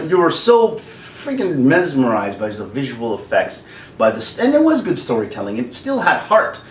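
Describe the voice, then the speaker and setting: A man in his forties ranting casually as a vlogger, animated, laughing often and acting out quotes. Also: medium pitch, slight background noise. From Canada. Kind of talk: casual rant. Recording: roomy, distant mic.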